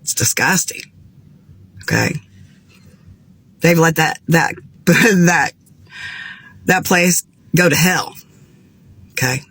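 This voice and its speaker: Husky, slow, lively-pitched man. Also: dry recording. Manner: exasperated, preachy. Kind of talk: reaction video commentary.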